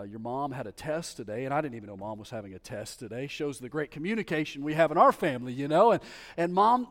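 Male preacher, high voice, emphatic delivery swinging from soft to loud, in a reverberant church hall. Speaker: pastor. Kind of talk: sermon. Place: church sanctuary.

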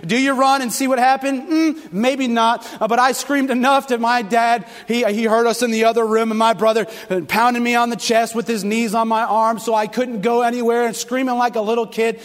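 A man preaching a sermon to a congregation, telling stories with animated, fervent delivery. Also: very high voice, moderate pace, hardly any pauses. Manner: animated storytelling, rising to loud fervent passages. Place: church sanctuary. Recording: long hall reverb.

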